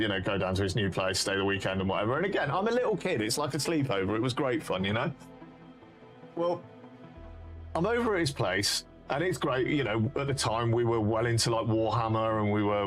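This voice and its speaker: A man with a British accent, a streamer casually telling rambling, sweary anecdotes and laughing at them. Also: medium pitch. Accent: British English. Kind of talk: casual storytelling on a live stream.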